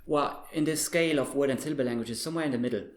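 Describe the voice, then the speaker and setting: A male linguistics researcher explaining his ideas thoughtfully in an interview, pausing with frequent fillers. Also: medium pitch. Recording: roomy echo.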